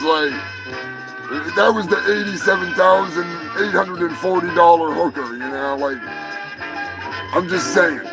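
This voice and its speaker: Brief: loud, crude male storyteller host, high and gravelly, over background music. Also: poor audio. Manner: profane, rambling, bursts into shouting. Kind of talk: live show, rambling anecdotes.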